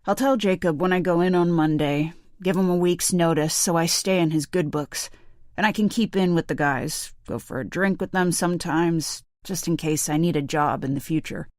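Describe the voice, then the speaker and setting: A woman voicing a cold, scornful young husband, crisp and dismissive as he drinks whiskey. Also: on the low side, moderate pace, darkish tone, no echo, studio quality, close to an everyday voice.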